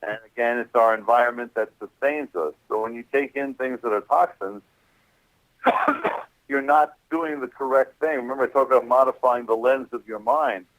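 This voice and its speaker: A man speaking as a doctor guest in a radio interview, explaining in a measured way. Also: medium pitch, a bit bright, rough recording. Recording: radio broadcast sound.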